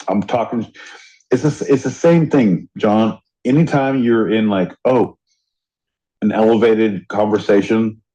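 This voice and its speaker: A man's voice: on the low side, warm tone. A man co-hosting a podcast in casual chat, heated and swearing freely as he rants. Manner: heated, profane ranting. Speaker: podcast co-host. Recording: dull lo-fi audio.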